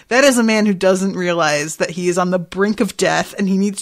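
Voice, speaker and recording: A woman's voice: mid-range voice, expressive, fairly quick, few pauses. A woman hosting a podcast, recapping an episode in a chatty way with laughing asides and frequent fillers. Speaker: podcast host.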